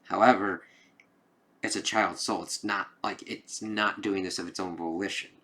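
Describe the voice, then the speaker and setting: Man, comic review, casual, rambling, swears, bright tone. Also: deep voice, steady tone, moderate pace. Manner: rambling, loose, with swearing and filler phrases.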